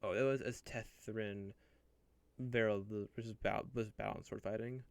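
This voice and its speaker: A man streaming live, musing aloud and muttering to himself with halting restarts as he builds a character. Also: lowish voice, fairly even intonation, vocal fry, no room sound. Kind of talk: musing aloud while looking things up.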